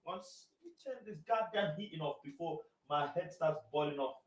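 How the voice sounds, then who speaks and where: A man's voice: fairly high pitch, lively intonation, normal speed, husky. A young man ranting in a casual live stream about football, frustrated and swearing. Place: home room.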